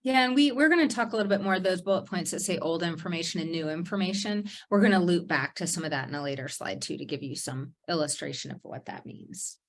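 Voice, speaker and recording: A woman co-leads an online writing workshop in a quick, casual way, often restarting her sentences. She speaks over a video call. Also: on the low side.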